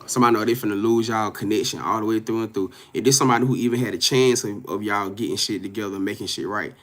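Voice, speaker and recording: Quick and fairly low-pitched, a man runs a casual live-stream tarot reading. He talks right to his viewers with plenty of profanity and emphasis, repeats himself, and laughs frequently.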